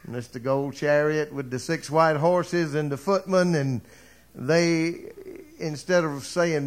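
A man's voice: fairly high pitch, unhurried. Fervent storytelling male preacher. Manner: dramatic storytelling, building to fervent appeals. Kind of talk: sermon.

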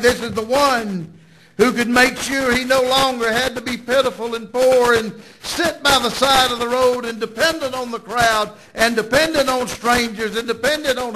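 A man's voice: very high voice, sharp tone, low-quality recording. A man preaching a sermon with dramatic, emphatic storytelling.

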